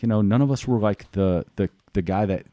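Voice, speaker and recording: Chicago-area guy rambling on a podcast, swears a lot, lowish voice. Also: brisk, dark tone, no echo, studio quality. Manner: rambling, profane, acts out quoted voices. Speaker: podcast guest. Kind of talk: casual storytelling chat.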